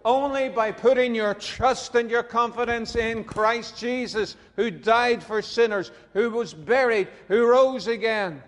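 A man's voice: very high voice, a little slow, few pauses, in a large hall. A man preaching a sermon, conversational and emphatic, chuckling between his points.

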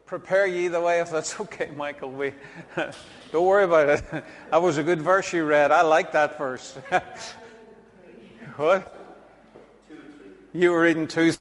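A man's voice: fairly high pitch, steady tone, unhurried, long pauses, big-room sound. A male preacher giving a sermon to a congregation, chatty, with joking asides and chuckles. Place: church hall before a congregation.

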